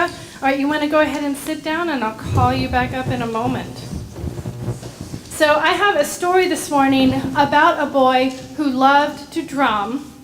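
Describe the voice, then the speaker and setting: A woman gently telling a story to children during a church service. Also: sits high, a little hiss or hum. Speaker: director of religious education. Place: church sanctuary.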